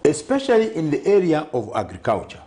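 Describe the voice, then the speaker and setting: A man's voice: fairly high pitch, huge pitch swings, brisk, dark tone. A party president speaking in a TV studio interview, arguing his case point by point, often checking in with "Okay?" and stumbling on the odd word. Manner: emphatic, argues point by point and keeps asking "Okay?". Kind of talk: TV interview answers.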